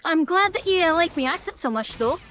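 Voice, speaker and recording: A woman's voice: extremely high pitch, expressive, brisk, fairly bright tone, soft background music. A woman with a Northern Irish accent, chatting and swearing casually while streaming a game live. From Northern Ireland. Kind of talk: live gameplay commentary.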